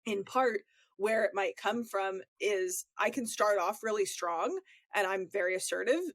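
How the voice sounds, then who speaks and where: A woman's voice: medium pitch, unhurried, no room sound. A woman co-hosting a relationship advice podcast, speaking frankly and reflectively from her experience as a therapist. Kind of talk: casual advice conversation.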